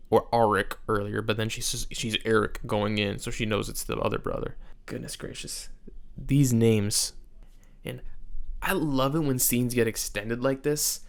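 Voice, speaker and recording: Young guy reacting to a show, jokey, laughs a lot, gravelly voice. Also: medium pitch. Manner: joking, laughs often. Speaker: reaction video host. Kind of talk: casual commentary.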